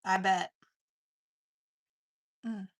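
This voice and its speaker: A woman's voice: medium pitch, steady tone, drawn-out words. A woman giving an intense collective tarot reading, swearing casually and calling the listener "dude". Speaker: tarot card reader.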